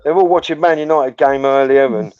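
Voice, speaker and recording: A man's voice: medium pitch, fairly quick, a little mellow, clear, resonant tone. A middle-aged man, chatting casually, swearing freely, stumbling over words and laughing often. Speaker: participant in a group voice chat. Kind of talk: casual banter. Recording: dry, dull lo-fi audio.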